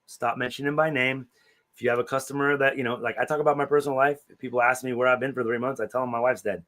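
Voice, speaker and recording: A man's voice: mid-range voice, level tone, rapid-fire, a bit bright. A man co-hosting a podcast, talking in a loose, ranting way and swearing a lot. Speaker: podcast co-host. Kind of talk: casual profane chat.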